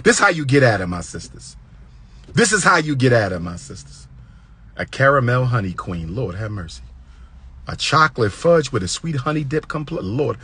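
A man lecturing with passion in a preacherly, repetitive cadence, swinging from loud high exclamations to low hushed asides. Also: animated, a little fast, husky, no echo. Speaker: public speaker giving relationship advice. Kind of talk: impassioned lecture.

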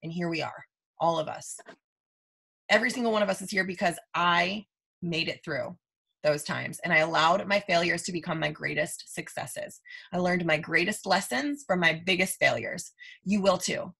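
A woman in her thirties gives a motivational talk to her team over a live video. Her voice is bright and forceful. She talks emphatically, repeats her points and keeps calling the listeners "you guys.". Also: fairly low pitch, moderate pace, creaky, slightly rough. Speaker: team leader.

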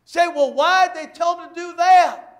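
High-voiced preacher in an echoey church. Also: male voice. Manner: emphatic, repeats lines, voices quick dialogue to make points. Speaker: pastor. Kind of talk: sermon.

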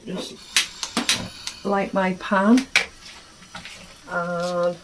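Woman cooking in her kitchen, talks slow and even, lots of ums, mic a bit far off. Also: fairly low pitch, very noisy. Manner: unhurried, explanatory, with frequent ums. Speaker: cooking channel host. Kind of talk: casual cooking demonstration. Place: home kitchen. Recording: voice distant from the mic.

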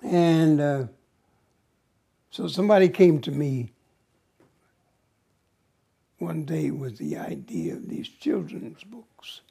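Older guy talking real slow, gravelly husky voice, kinda breathy as he tells his stories. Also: a little high, lively intonation, warm tone. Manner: slow, halting, breathy at times. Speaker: interview guest, actor. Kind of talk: reflective storytelling.

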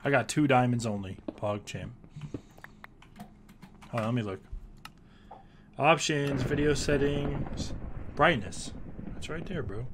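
A young man in casual gaming chat, playful and teasing, quick to laugh. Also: medium pitch, noisy background. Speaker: gamer.

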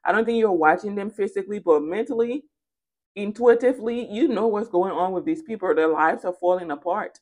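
A woman's voice: medium pitch, fairly quick, darkish tone. A woman giving a spoken tarot reading, casual and chatty, repeating phrases for emphasis. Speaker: tarot reader.

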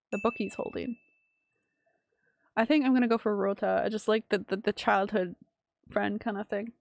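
A woman streamer reading a visual novel aloud and reacting with sudden excited exclamations. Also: medium pitch, vocal fry, no echo, studio quality. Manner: reads game text aloud, breaks into excited exclamations.

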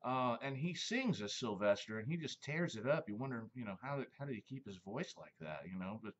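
Male host, casual rambling monologue, mid-pitched voice, slightly muffled audio. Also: expressive, a little fast, a little hiss or hum. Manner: rambling, reminiscing, many fillers.

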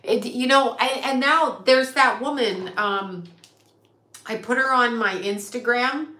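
A woman's voice: fairly high pitch, takes it slowly, bright, forceful tone. A woman hosting a casual talk stream, ranting emphatically with profanity and rhetorical questions. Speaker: psychic medium and channel host. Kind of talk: casual livestream rant. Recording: roomy echo.

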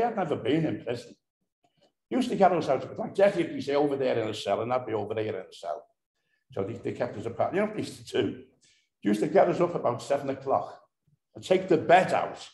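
A man's voice: medium pitch, vocal fry, a little mellow. An older man telling humorous, earthy stories at a commemoration event, often repeating himself and restarting phrases. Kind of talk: anecdotal storytelling. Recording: echoey room.

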